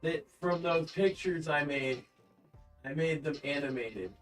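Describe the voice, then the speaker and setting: A man co-hosts a loose chat, teasing his partner and joking crudely. His voice sits a bit high. Faint music plays behind him. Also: a little slow, fairly bright tone. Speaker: co-host. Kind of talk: casual chat.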